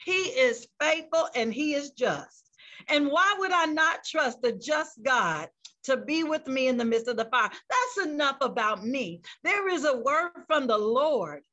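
A woman's voice: high voice, lively intonation, a little slow, bright, forceful tone, muffled recording. A woman pastor preaching a fervent sermon over a video call, breaking into praise as she goes. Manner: fervent, peppers speech with praise interjections.

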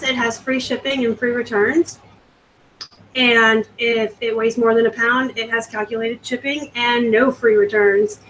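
A woman's voice: fairly high pitch, a bit bright, a little hiss or hum, poor audio. A woman from the US West Coast hosting a live stream. She reads out viewer comments and chats about her selling in a rambling, casual way. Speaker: host.

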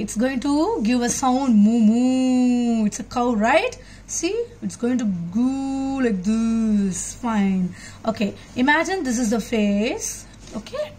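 A woman teaching young children a craft, speaking slowly and patiently in a fairly high voice. She keeps asking her young audience questions as she works. Faint noise sits behind her.

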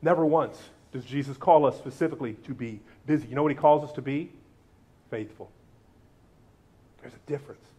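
Preaching as a pastor, a man with a husky voice talks fairly quickly and pauses often. He's animated, acting out quotes with big jumps in pitch.

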